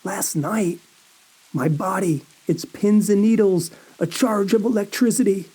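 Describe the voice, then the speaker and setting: A man narrating a first-person horror story in a slow, brooding, anxious way. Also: sits high, mellow, breathy edge.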